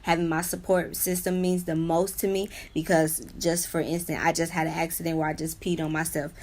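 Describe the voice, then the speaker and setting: A woman's voice: low-pitched, flat delivery, a little fast, a little mellow. A young woman talking earnestly about her own life in a rambling personal vlog, full of "you know" and "like". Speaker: vlogger sharing her own illness. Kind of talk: unscripted personal vlog talk.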